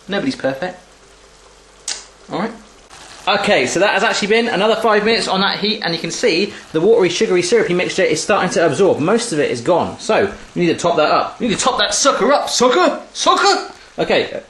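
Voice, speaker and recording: An English man with an English accent, chatting and joking with viewers during a casual cooking demonstration in his home kitchen. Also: fairly high pitch. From England. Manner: chatty, jokey, talks to viewers while cooking. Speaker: cooking vlogger. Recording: echoey kitchen with frying noise. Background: sizzling frying pan.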